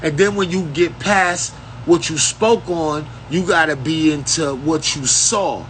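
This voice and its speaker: A man's voice: fairly high pitch, unhurried, fairly bright tone, a little hiss or hum, poor audio. A man giving an unscripted spiritual rant, lecturing in street slang with a profane, preachy manner. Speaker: self-styled spiritual teacher.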